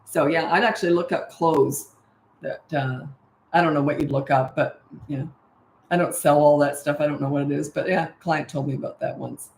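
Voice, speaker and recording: A middle-aged woman who coaches parents, answering viewer questions in a breezy, matter-of-fact way and acting out parent lines in a bright sing-song. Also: low voice, steady tone, fairly quick, slight background noise. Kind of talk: casual Q&A livestream. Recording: echoey room.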